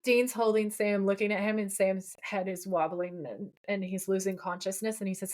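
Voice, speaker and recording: A woman co-hosts a casual podcast and retells scenes with gushing enthusiasm. Her voice sits at an ordinary middle pitch, and she shifts into acted quotes freely. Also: fairly even intonation, moderate pace, hardly any pauses. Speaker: podcast co-host.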